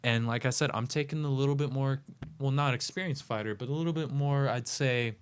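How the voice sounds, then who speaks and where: A man's voice: mid-range voice, clear, resonant tone. Chatty man breaking down fights. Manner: talks in quick restarts with lots of "you know". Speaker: co-host giving fight picks. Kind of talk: casual sports betting chat.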